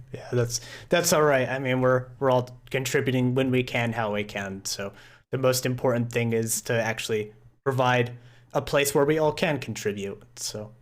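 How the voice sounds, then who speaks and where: Relaxed chatty man hosting a call. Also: medium pitch, normal speed. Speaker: host. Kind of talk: casual video-call meeting. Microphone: video call.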